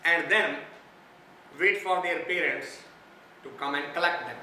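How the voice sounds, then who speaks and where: A man's voice: fairly high pitch, unhurried, bright, forceful tone, a little hiss or hum. A man from India giving a spiritual talk on a hymn, often putting questions to his listeners. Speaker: spiritual teacher. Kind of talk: sermon on a hymn. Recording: echoey hall, distant mic.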